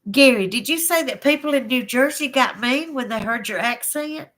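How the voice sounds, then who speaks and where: A woman's voice: high voice, normal speed, fairly bright tone. Woman, Southern accent, live stream host, casual chat, folksy, laughs often, phone mic.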